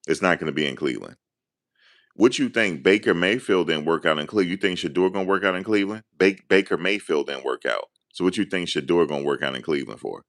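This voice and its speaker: A man with a very deep, low voice, talking casually as a sports commentator. He rambles and gets excited, telling stories with lots of energy. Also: fast talker. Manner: excited, rambling, animated storytelling.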